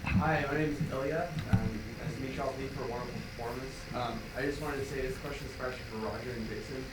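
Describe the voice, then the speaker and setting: Quick-talking man in a loud echoey hall. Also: medium pitch, fairly even intonation. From child of Russian immigrants. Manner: earnest, appreciative, long-winded. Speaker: audience member asking a question. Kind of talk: audience question. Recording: distant mic in a noisy echoey hall.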